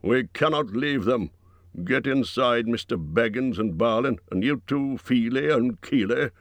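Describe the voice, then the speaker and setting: A man voicing a proud, stern dwarf king who barks brisk orders in a storybook reading. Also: medium pitch, lively intonation, no echo. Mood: commanding.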